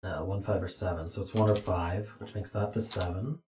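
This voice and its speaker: A man's voice: sits low, fairly even intonation, fairly quick, darkish tone, slight background noise. A tired man streaming himself as he thinks aloud through a puzzle, muttering to himself with dry asides. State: tired, yawning. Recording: roomy echo.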